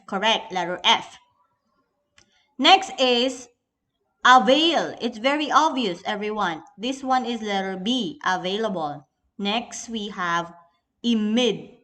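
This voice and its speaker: A woman's voice: mid-range voice, a bit bright. A young woman with a Filipino accent teaching an English lesson in a recorded class, patient and instructive, often addressing the class as everyone.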